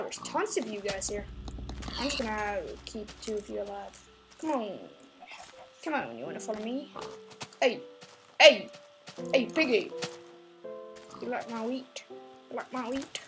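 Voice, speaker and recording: Woman let's player, high and unhurried, grumbly and foul-mouthed, talks to the animals. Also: poor audio. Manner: grumbling and swearing, talking to in-game animals. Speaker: gameplay channel host. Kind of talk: let's play commentary.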